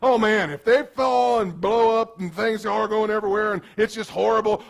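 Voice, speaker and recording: Male pastor, high voice, animated conversational sermon. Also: normal speed, gravelly, few pauses. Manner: conversational, animated preaching with acted asides.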